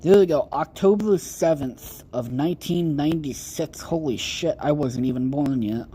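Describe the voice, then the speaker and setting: A man's voice: on the high side, moderate pace, warm tone, a little hiss or hum. A young man around twenty hosting a livestream podcast, chatting casually about creepypastas in a rambling, profane, joking way.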